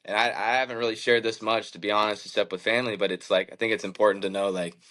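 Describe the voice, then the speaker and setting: A man in his thirties, a professional baseball pitcher appearing as an interview guest, talks fast in a lowish, bright, forceful voice with a level tone, heard on a rough recording. He tells his story earnestly and reflectively, peppering it with fillers like "like" and "man."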